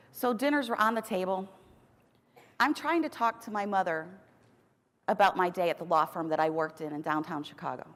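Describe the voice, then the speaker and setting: A middle-aged American woman giving a keynote speech, telling her story with a lively, humorous manner. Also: medium pitch. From United States. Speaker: keynote speaker. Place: large conference hall. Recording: long reverb of a large hall.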